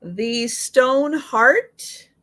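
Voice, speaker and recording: A woman's voice: high-pitched, lively intonation, bright, forceful tone. A woman hosting a live online sale, listing vintage items and prices one by one with fillers, her voice slightly worn. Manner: slow, item-by-item pricing with fillers.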